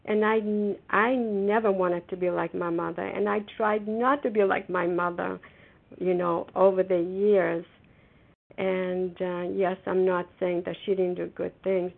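A woman's voice: on the low side, little pitch movement, gravelly. Earnest middle-aged woman on a phone line. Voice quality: earnest, halting, many restarts. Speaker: meeting member sharing. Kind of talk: sharing at a twelve-step phone meeting. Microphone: telephone.

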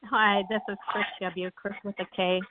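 A woman's voice: medium pitch, normal speed, dry recording. A woman from Nashville sharing her story at a recovery meeting, rambling and poking fun at herself. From Nashville, USA. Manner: rambling, self-mocking, animated when quoting herself. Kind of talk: personal share on a phone meeting. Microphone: phone call. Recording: tinny phone line.

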